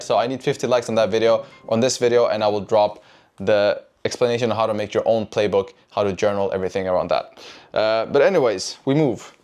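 A man's voice: fairly low pitch, fairly quick, a little mellow. Profane, chatty man teaching trading. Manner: profane, keeps asking "right?", addresses chat. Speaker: trading educator. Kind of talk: casual whiteboard trading lesson.

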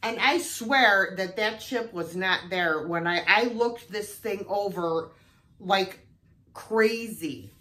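A woman's voice: mid-range voice, slow, bright, forceful tone. An older woman chatting casually through a thrift haul video, exclaiming often as she shows off her finds.

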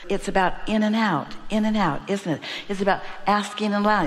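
A woman's voice: medium pitch, a little fast, hardly any pauses. A woman giving a spiritual teaching to a live audience, speaking as "we" in an emphatic, repetitive way. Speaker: inspirational seminar speaker. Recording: long hall reverb.

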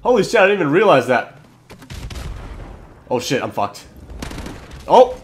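A young man hosting a gaming channel, giving excitable commentary over his match, swearing and yelling at kills. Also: fairly high pitch, a little slow. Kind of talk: gameplay commentary.

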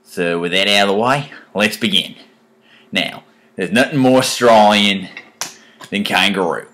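A man putting on a deliberately bad Australian accent while presenting a food tasting video. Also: on the low side, flat delivery, a bit bright, natural voice. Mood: jokey.

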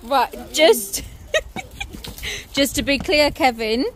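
A woman's voice: high voice, expressive, drawn-out words. A woman vlogging in her garden, chatting casually and laughing often. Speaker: vlogger and mother. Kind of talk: casual chat to camera. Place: outdoors in a garden.

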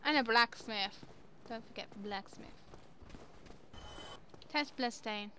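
A young woman commenting chattily on her own gameplay, quick to exclaim and laugh. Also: a little high, bright, forceful tone, slight background noise. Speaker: gamer. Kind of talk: let's play commentary.

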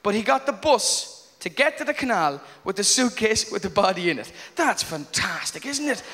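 An Irish man doing a stand-up comedy routine, telling wry stories at a quick clip and acting out little asides, with audience laughter behind him. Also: high voice, sing-song, pushed and bright, long reverb tail. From Ireland. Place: live comedy venue with audience. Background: audience laughter and room noise.

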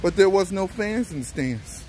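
A man's voice: high-pitched, expressive, normal speed, a little mellow. A man vlogging a mocking, taunting sports rant and laughing often, with faint traffic outside. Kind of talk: trash-talking sports rant.

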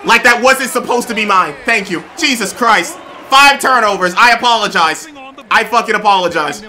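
A young man streaming a basketball video game, cursing and shouting in exasperation. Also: sits high, normal speed. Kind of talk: live gameplay stream. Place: home streaming setup.

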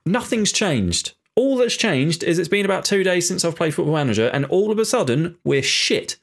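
A man's voice: high-pitched, sing-song, normal speed, vocal fry, breathy edge. A man commentating his own football management game, muttering and swearing in frustration as his team plays badly. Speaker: gaming YouTuber. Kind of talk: live football-sim commentary.

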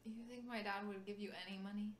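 A woman's voice: mid-range voice, fairly even intonation, quick pace, reverberant. A woman chatting casually and teasing, often laughing. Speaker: streamer's partner. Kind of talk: casual chat.

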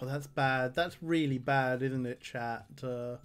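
A man's voice: medium pitch, steady tone, slow pace, clear, resonant tone, faint music behind. A man streaming a game, reading item text aloud with dry jokes and plenty of fillers. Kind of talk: game livestream commentary.

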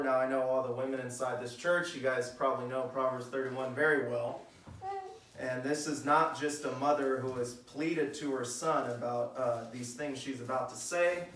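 In an echoey church hall, a male pastor delivers a sermon in a conversational style full of rhetorical questions. His mid-range voice has a fairly bright tone. The distant mic also picks up slight background noise.

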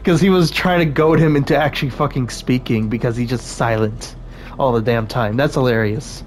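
A man's voice: mid-range voice, fairly even intonation, normal speed. A man playing a game on video, commenting casually, swearing, and reading the characters' dialogue aloud in shifting put-on accents. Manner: swears casually, stumbles and restarts, reads character lines in shifting mock accents. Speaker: let's play gamer.

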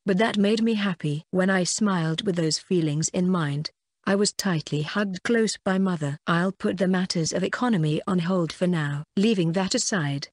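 Low-voiced woman narrating an audiobook. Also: moderate pace, a little mellow, dry recording, clean studio sound. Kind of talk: first-person light novel narration.

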